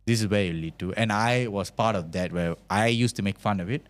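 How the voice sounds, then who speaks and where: Man, Malaysian English accent, deeper voice, relaxed interview guest, laughs easily. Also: fairly quick. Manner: laid-back, laughs often, lots of fillers. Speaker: filmmaker guest. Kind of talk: casual interview chat.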